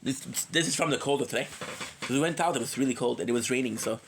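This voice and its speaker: A tired man runs a live gaming stream, rambling and joking with regulars he greets by name, tossing in stray foreign words as a cold seems to be setting in. His voice is mid-pitched, he talks fast, and the recording is very noisy.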